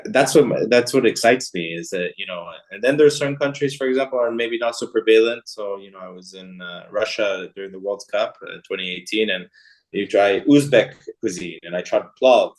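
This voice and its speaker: A man's voice: fairly low pitch, normal speed. A middle-aged man, a guest in a casual interview, talking in a rambling way with many fillers and restarts.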